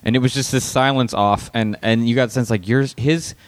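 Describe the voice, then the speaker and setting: A man's voice: mid-range voice, fairly even intonation, brisk, no room sound. A man, a comedian, telling a story in a casual podcast chat, rambling and swearing as he acts out what people said. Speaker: comedian guest.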